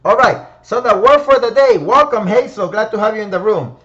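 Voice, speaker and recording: A man's voice: sits high, animated, a little fast, a bit bright, muffled recording. A man hosting a motivational discussion room, reflective and emphatic, speaking to listeners by name. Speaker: host of a word-of-the-week discussion room. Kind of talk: motivational talk.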